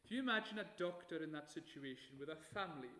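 Man, sermon, high voice, emphatic, measured, roomy echo. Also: animated, sharp tone. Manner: measured, emphatic, slowing on key phrases. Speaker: preacher.

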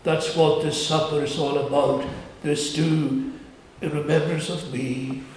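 Male preacher, measured earnest delivery, big church reverb, faint hiss. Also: on the high side, level tone, darkish tone. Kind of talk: communion sermon. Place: church sanctuary. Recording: very echoey church, distant mic, faint hiss.

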